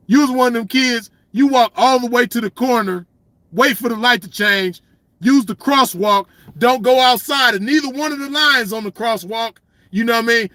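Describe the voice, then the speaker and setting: A man delivers a swaggering solo rant, blunt and profane, circling back on his points. His voice sits high and sounds bright and forceful. The recording is close and dry. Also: dry recording. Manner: blunt, swaggering, profane, repeats "you know what I mean". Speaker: commentator. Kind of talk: ranting solo monologue.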